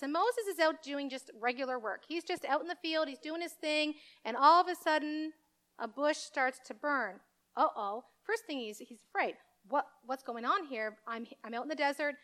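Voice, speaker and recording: A woman pastor gives a children's sermon in a high voice. She tells the story with animation and slips into little voices for the characters. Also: normal speed, a bit bright.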